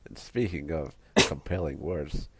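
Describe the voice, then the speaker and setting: A man's voice: rumbling low, a little slow, heavy background noise. A Scottish man co-hosting a podcast in casual chat, rambling and hesitant, full of "like" and "you know". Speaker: podcast co-host.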